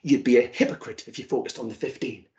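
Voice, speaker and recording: A man's voice: medium pitch, fast talker, darkish tone, highs cut off. A man giving a talk, telling a comic story from his marriage and acting out the voices. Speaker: speaker. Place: virtual event.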